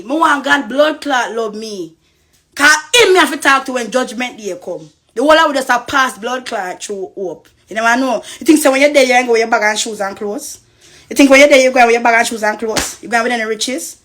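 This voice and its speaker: A woman from Costa Rica with a Jamaican Patois accent, ranting heatedly and profanely on a live stream. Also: sits high. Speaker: social media personality.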